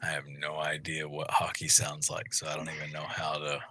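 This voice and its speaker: A man bantering and joking in a relaxed way on a livestream. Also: very deep voice, a little fast, slight background noise. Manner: joking, teasing, rambling.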